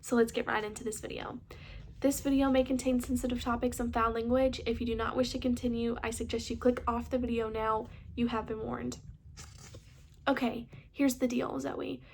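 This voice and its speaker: A woman with a slightly high, level-toned voice reads a novel aloud on her channel at a fairly quick pace, over slight background noise. It's a casual audiobook-style reading with small slips and restarts.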